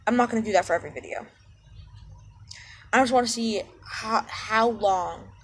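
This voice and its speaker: A woman chats loosely into a cheap headset for her vlog, her voice a little husky and breathy. She rambles, puts herself down and fills the gaps with ums and side-tracks. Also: a little high, moderate pace. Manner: rambling, self-deprecating, many fillers. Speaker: channel owner. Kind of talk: casual rambling vlog intro.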